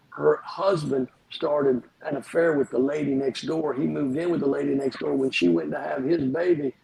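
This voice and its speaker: A man, a pastor and podcast guest, telling earnest, animated stories about forgiveness in casual conversation. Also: fairly high pitch, creaky, slight background noise, poor audio.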